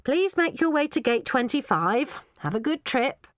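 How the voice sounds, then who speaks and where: A woman's voice: high voice, big pitch swings, normal speed, no room sound, studio quality, pitched above the performer's own voice. A woman voicing a polite, formal female airline clerk.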